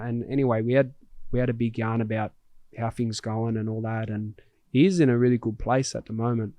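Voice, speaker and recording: A man's voice: mid-range voice, steady tone, brisk, warm tone, no room sound. A man hosting a podcast, telling a personal story in an earnest, heartfelt way with frequent restarts. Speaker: podcast host. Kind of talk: conversational storytelling.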